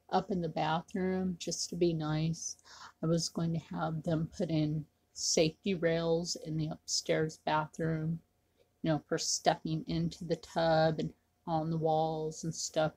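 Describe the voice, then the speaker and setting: Slow, husky-voiced woman rambling to camera. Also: low voice, monotone, a little mellow. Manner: rambling, repetitive, with many fillers. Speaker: vlogger. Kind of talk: casual talk to camera.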